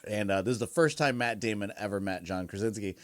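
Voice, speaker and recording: A man's voice: on the low side, fast talker, no room sound. Dry-sounding man reviewing movies, laughing. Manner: laughs often, animated storytelling. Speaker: podcast co-host. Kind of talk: casual movie review chat.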